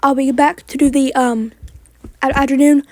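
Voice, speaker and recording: A woman's voice: high-pitched, little pitch movement, normal speed, a little mellow, dry recording. A woman reading a weather outlook in a rush, stumbling over place names and correcting herself, sounding frustrated. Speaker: amateur weather outlook presenter. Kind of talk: rushed weather forecast reading.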